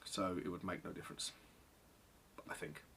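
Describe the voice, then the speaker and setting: A man's voice: sits low, flat delivery, moderate pace, creaky, a bit bright, slightly rough. A middle-aged man answering viewer questions in a casual, rambling vlog, sweary and self-deprecating. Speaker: photographer and vlogger.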